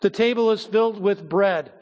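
Explaining point by point, a male pastor preaches a teaching sermon in measured phrases with pauses and repeated words. His voice is high-pitched yet has a darkish tone, and it rings with the church hall's long reverb.

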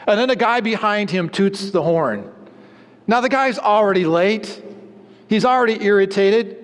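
A man preaching a sermon, telling an illustrative story and dropping to low, quiet emphasis on key words. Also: big-room sound.

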